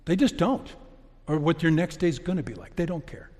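A man's voice: fairly high pitch, lively intonation, normal speed, darkish tone. A middle-aged man preaching a sermon as pastor, in a conversational storytelling way. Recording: long reverb of a church hall.

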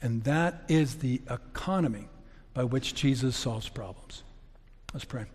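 A man's voice: mid-range voice, a little slow, a little mellow, husky. A middle-aged man preaching a sermon as pastor, in a conversational storytelling way. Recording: long reverb of a church hall.

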